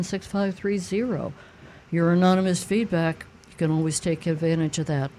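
A man's voice: on the high side, mellow, a little hiss or hum, low-quality recording. Radio host man reading call-in numbers. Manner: reads phone numbers, greets callers.

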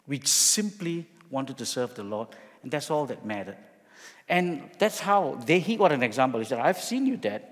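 A middle-aged man from Singapore, a pastor preaching and telling a personal story in a joking, halting way. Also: medium pitch, expressive, big-room sound. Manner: jokey storytelling, many restarts. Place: church hall.

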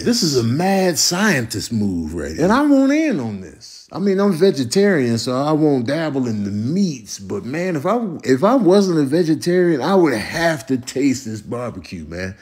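A man's voice: medium pitch, big pitch swings, normal speed, few pauses, darkish tone, slightly rough. A man giving playful comedic voiceover commentary, riffing absurdly in slang over video clips.

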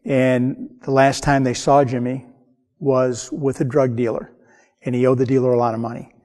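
An older painter from the American Midwest tells stories slowly and earnestly, pausing between thoughts. His voice is mellow and warm. It sits in a long, hall-like reverb. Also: medium pitch, little pitch movement. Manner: earnest, unhurried storytelling with pauses. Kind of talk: storytelling interview.

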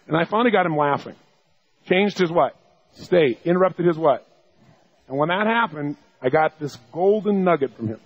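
Husky animated male storyteller. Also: high-pitched, fast talker, no room sound, muffled recording. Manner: animated storyteller who acts out quotes and laughs. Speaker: seminar speaker. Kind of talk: storytelling to a seminar audience.

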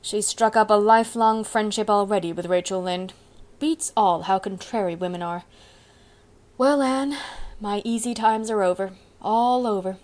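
A woman's voice: medium pitch, a little fast, a little mellow, natural voice. A woman voicing a grumbling, sheepish older male farmer in an audiobook, talking in a rueful, folksy way. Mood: doleful.

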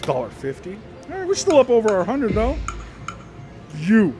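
Excitable slot vlogger pleading with machines. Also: mid-range voice, moderate pace. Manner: excitable, pleads with the machine, repeats "come on" and "one more". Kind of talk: excited live commentary while playing slots. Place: casino floor. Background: jingling slot machine music.

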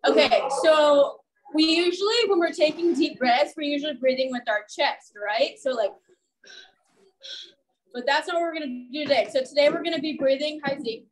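A woman's voice: high voice, normal speed, low-quality recording. A woman fitness instructor leading a chair exercise class, upbeat and encouraging as she counts the reps aloud.

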